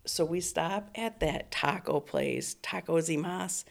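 A middle-aged woman with a lowish, gravelly voice tells a personal story in loose, casual chat. She laughs a lot, swears without a second thought and mimics the people in her tale. Her voice has a rough, crackly edge. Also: slow. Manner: animated, laughing, swearing freely; acts out other people's voices in quotes. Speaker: storytelling guest.

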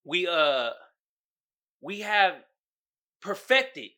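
A man from the United States rants solo on his podcast in a lively, swooping voice that sits a little high. His tone is bright and forceful, and he mixes mockery and profanity with laughter at his own jokes. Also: extremely slow. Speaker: podcast host.

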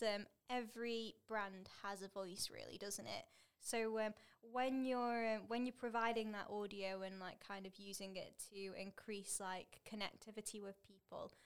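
A young woman with a northern Staffordshire twang hosts a podcast interview. Her voice is smooth and clear at an ordinary pitch. She asks questions in a relaxed way, leaning on "like" and "um". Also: moderate pace, hardly any pauses. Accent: northern English, Staffordshire. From Leek, England. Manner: casual, frequent "like" fillers. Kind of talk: casual conversational interview.

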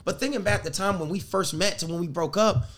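Animated profane man in his thirties. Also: sits high, brisk. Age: 30s. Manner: profane, animated storyteller acting out quoted dialogue. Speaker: podcast co-host. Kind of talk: casual chat, storytelling.

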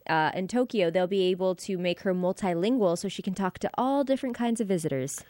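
A woman's voice: on the low side, brisk, mellow, no room sound. Matter-of-fact woman talk-show co-host. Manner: matter-of-fact, correcting others. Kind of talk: casual chat and news reading.

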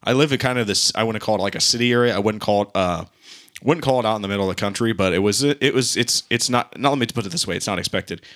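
A man's voice: lowish voice, quick pace, a bit bright. A man co-hosting a casual podcast over beers, telling a rambling story full of restarts. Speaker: podcast co-host.

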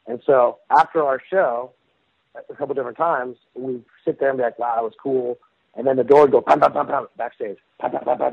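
A man's voice: mid-range voice, husky, no echo. A man, a rock singer, telling stories in a rambling, casual way, with many fillers and restarts. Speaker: rock singer, interview guest. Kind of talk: casual phone interview. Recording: dry tinny phone line.

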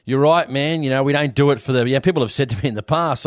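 A man's voice: mid-range voice, quick pace, dry recording. Laid-back Australian man, dry sound. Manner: relaxed, searching for words, lots of "you know". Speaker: podcast host. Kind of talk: casual chat.

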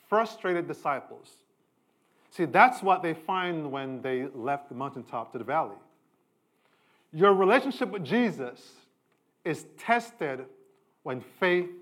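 A middle-aged pastor delivers a sermon in a somewhat high voice. His preaching is conversational, and his pitch and volume keep climbing and falling for emphasis. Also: a bit bright.

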